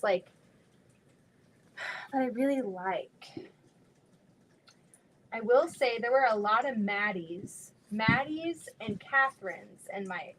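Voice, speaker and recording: A woman's voice: fairly high pitch, slight background noise. A young adult woman hosting a casual live sewing stream, chatting freely, reading viewer comments aloud and laughing easily.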